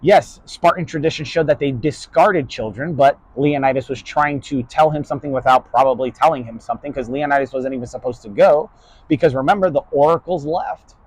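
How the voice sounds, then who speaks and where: A man's voice: medium pitch, fairly quick, darkish tone, breathy edge, no room sound. A man from New York giving a casual, blunt lecture to his online class, swearing freely and ending nearly every point with "right?". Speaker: online philosophy class host.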